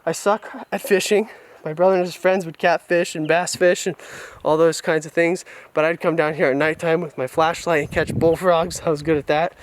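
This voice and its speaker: Speaking at a normal speed with fairly even intonation, a young Californian shares candid personal stories while outdoors on a rural family property. His fairly high voice comes through a handheld tripod's camera mic with no room sound, and his tone is reflective and unguarded.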